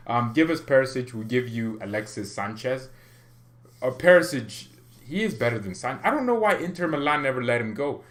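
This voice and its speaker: A man's voice: medium pitch, a bit bright. A man hosting a football fan channel, chatting casually, joking and going off on tangents. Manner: chatty, joking, rambling with self-interruptions. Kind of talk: casual vlog commentary.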